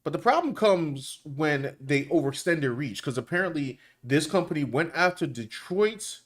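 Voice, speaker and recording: A man's voice: fairly high pitch, animated, moderate pace. A man co-hosting a casual commentary chat, talking loosely and colloquially with lots of restarts. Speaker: co-host.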